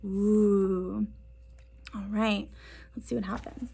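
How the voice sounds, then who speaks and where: A woman teacher reads a storybook aloud to young children from her classroom. Her voice sits fairly high, and she pauses to ask the kids questions. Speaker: first grade teacher.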